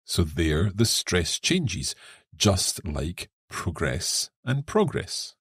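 A man co-hosts an English lesson podcast, reading passages aloud and explaining them clearly. His voice is very deep and a little husky, with a lively melody, and the recording is dry. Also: very slow, no echo.

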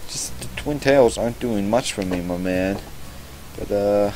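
A man's voice: fairly low pitch, measured pace, noisy background. A young man doing gameplay commentary on a visual novel, reading the text aloud with sarcastic, profane asides. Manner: sarcastic, swears a lot, reads text aloud. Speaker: let's-play gamer.

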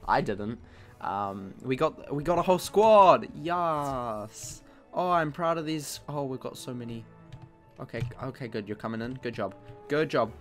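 A man's voice: medium pitch, lively intonation, measured pace, fairly bright tone, soft background music. A man giving casual, jokey commentary while playing a video game, mocking himself and exclaiming at what happens. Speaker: gaming channel host.

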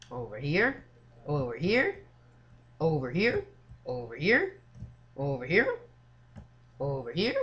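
Lively, cursing horror-game player. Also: mid-range voice, muffled recording. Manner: swears a lot, shouts at jump scares; filler-heavy, says "like" and "seriously" often. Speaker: gamer playing a horror game. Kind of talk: let's play commentary.

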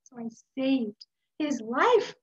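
A middle-aged woman from Uzbekistan tells a story with a high voice and a slow, dramatic delivery full of pauses. The recording sounds dull and lo-fi. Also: very animated, slightly rough. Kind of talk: storytelling speech.

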